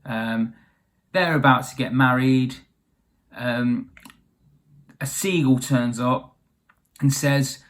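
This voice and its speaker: A man's voice: mid-range voice, steady tone, slow, long pauses. A man retelling a fairy tale as comedy, rambling with wry asides and lots of fillers. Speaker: storyteller.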